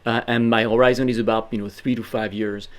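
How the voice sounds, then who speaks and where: A man with a French accent, a guest in an interview, talking in a modest and relaxed way. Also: medium pitch, a little fast. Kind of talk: interview conversation.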